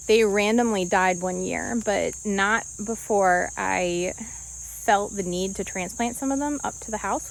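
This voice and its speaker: A woman's voice: mid-range voice, low-quality recording. A woman vlogging outdoors on her homestead, talking candidly and with animation to the camera, laughing often. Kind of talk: casual talk to camera.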